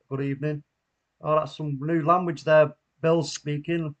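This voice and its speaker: A man's voice: a little high, little pitch movement, a little slow. A man hosting a live football watchalong, chatting casually, laughing often and reading out viewer comments. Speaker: watchalong host. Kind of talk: casual live stream chat.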